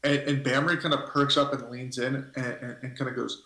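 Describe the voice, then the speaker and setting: A man's voice: medium pitch, little pitch movement, a little fast, sharp tone. A man narrating a tabletop game as game master, rambling and hesitant as he thinks aloud. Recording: echoey room.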